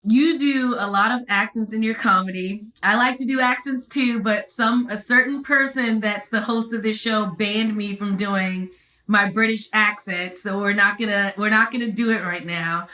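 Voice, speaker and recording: A female co-host with a bright, sharp voice, asking playful and teasing questions in a casual interview. Her voice rings out in an echoey room. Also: medium pitch, fairly even intonation, normal speed, far from the mic.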